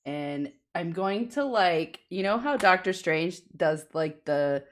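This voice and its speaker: Low, slow woman narrating her move. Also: animated. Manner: rambling, many filler likes, laughs between actions. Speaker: player. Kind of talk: narrating a tabletop game move.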